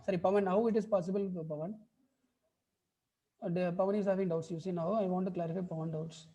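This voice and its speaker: A woman's voice: fairly low pitch, fairly even intonation, fast, warm tone. A woman with an Indian English accent teaching a chemistry class online, repeating points and often checking whether students follow. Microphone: video call mic.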